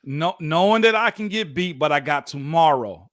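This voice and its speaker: A man co-hosting a casual sports talk show as a former pro football lineman, talking in an animated, folksy way. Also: on the high side, moderate pace, hardly any pauses, no room sound, clean studio sound. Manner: animated, folksy, repeats "you know what I'm saying".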